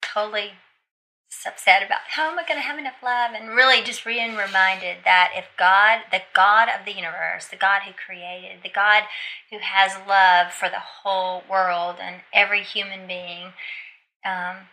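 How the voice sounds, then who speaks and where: A middle-aged woman, a podcast guest, telling an emotional story in casual conversation and jumping higher in pitch when she quotes others. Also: level tone, a little slow, sharp tone, low-quality recording.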